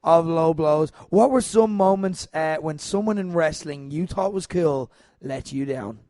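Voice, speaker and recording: Male host, high-pitched, under the weather, chatty and giggly. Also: measured pace, dark tone, dry recording. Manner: chatty, laughs often, trails into asides. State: unwell, voice failing. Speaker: podcast host. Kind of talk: casual chat.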